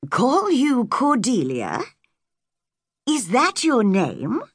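A stern, practical older spinster, as a woman reader voices her, firm and brisk. Her voice moves widely in pitch, and the audiobook recording is dry and close. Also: wildly swooping pitch, slightly rough, dry recording, heavily acted.

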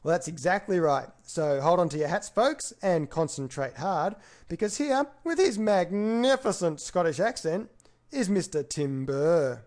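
A man narrating his own comic audiobook, his voice sitting high. He introduces the reader with quick, teasing quips. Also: expressive, darkish tone. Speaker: author and narrator.

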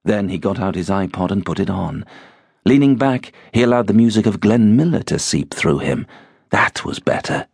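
A man narrating an audiobook in an expressive, measured storytelling manner. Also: lowish voice, vocal fry, breathy edge, no room sound, studio quality. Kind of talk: scripted narration.

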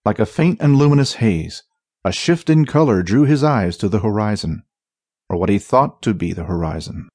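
A man narrating a fantasy audiobook in a dramatic, expressive reading. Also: fairly low pitch, normal speed, breathy edge, dry recording, studio quality.

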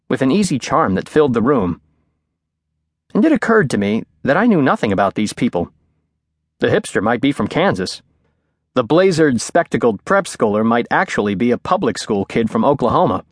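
A man reading a thriller audiobook aloud in a measured, clear storytelling manner, recorded on a studio microphone. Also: medium pitch, very animated, no echo. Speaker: audiobook narrator. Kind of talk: scripted narration.

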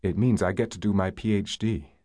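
A man voicing a bright, earnest twenty-five-year-old woman who loves studying, speaking in a raised, lively voice. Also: lowish voice, fairly quick, lightly acted. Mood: eager. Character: bright young woman of 25, eager student.

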